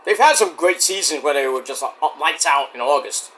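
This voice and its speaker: A man giving a casual solo review of a wrestling show, rambling and loudly acting out quotes. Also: fairly high pitch, expressive, fairly quick.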